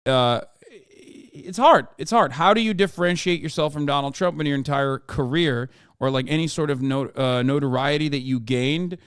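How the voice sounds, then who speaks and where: A man's voice: mid-range voice, fairly quick, few pauses, smooth, no echo, studio quality. A man giving casual, profane, sardonic commentary as a streamer, rambling through reactions.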